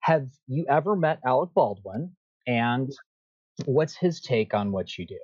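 A man's voice: mid-range voice, animated, darkish tone, breathy edge, highs cut off. A man hosting a casual podcast interview over a video call, enthusiastic and chatty as he sets up his questions. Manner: enthusiastic, chatty, quick to laugh along. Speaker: podcast host.

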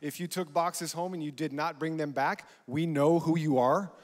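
A man's voice: fairly high pitch, fairly even intonation, normal speed, a little hiss or hum. A man giving upbeat church announcements and introducing the guest speaker. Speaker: church host making announcements. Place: large church auditorium. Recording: long hall reverb.

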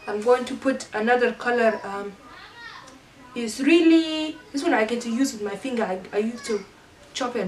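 A middle-aged woman with a slightly high voice rambles playfully through a casual makeup tutorial, often trailing off and starting over. She sounds set back from the microphone, and her voice rings in a roomy space over faint background noise. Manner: halting, rambling and playful, with many restarts. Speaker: mother doing a makeup challenge. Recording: roomy echo, a little distant from the mic, faint background noise.

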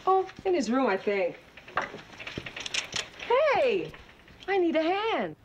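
A fed-up mom in an old tv drama, sharp tone, voice swings a lot. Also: female voice, a little high, sing-song, normal speed, lo-fi sound, background noise. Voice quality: sharp, reproachful. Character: worried mother fed up with the move. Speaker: mother. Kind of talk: 1970s TV drama acting.

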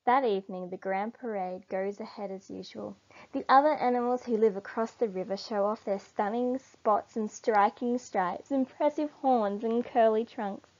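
A woman reading a children's picture book aloud in an expressive storytelling manner. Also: a little high. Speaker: storybook reader. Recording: dull lo-fi recording.

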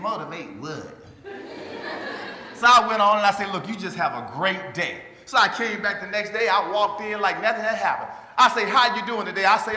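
A man giving a lively motivational speech to a live audience, drawing call-and-response from the crowd and acting out quoted voices. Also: sits high. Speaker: motivational speaker. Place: large hall before an audience. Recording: echoey hall with long reverb.

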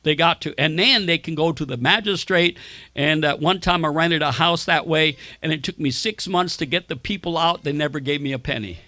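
A man's voice: on the high side, a little fast, bright, forceful tone, no room sound. A man preaching a sermon, telling personal stories and quoting people in raised voices. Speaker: pastor.

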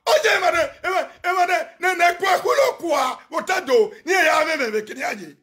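Very high, sharp-voiced shouting Nigerian man. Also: animated, fairly quick, few pauses. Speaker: social media personality on a live video. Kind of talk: animated live-stream rant and chanting.

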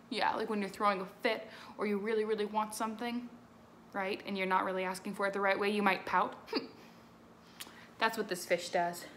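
A woman music teacher giving an animated lesson to young children, talking to them directly and expressively. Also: medium pitch, reverberant, slight background noise.

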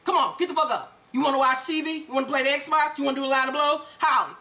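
A woman's voice: high voice, steady tone, very fast. A woman doing a frantic cursing man. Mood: frantic pleading. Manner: pleading, cursing, rising to yells. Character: frantic man begging his dead girlfriend to wake up.

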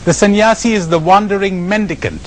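A man with an Indian accent giving a spiritual lecture, telling stories emphatically with dramatic pauses and chuckles. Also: high-pitched, slight background noise, poor audio. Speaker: spiritual retreat speaker.

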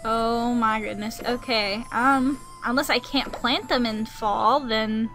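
Young woman, let's play commentary, chatty, exasperated, high voice, soft game music. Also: steady tone, takes it slowly, hardly any pauses. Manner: chatty, sings to herself, turns exasperated and grumbling. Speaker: gaming channel host.

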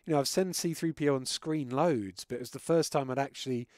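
A man's voice: mid-range voice, fast talker, a little mellow, no room sound, clean studio sound. A British man hosting a live game stream, chatting casually and joking with some swearing. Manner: chatty, swears freely, jokey. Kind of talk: casual chat while gaming live.

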